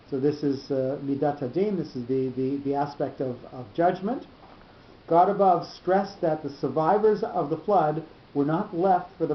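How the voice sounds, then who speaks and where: Here a slightly high-voiced man gives a Torah lesson, moving step by step and repeating words often as he thinks. Echo fills the room, the sound is dull, and a low rumble hums faintly below.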